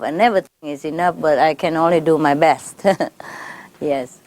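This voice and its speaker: A woman spiritual teacher speaking informally to her followers, laughing often and repeating warm phrases. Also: low-pitched, measured pace. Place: gathering with a live audience.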